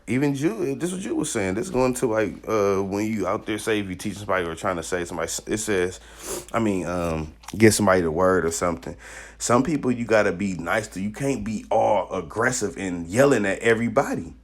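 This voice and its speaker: Deep-voiced man preaching loosely. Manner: loose, rambling, with many fillers and restarts. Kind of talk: informal street sermon.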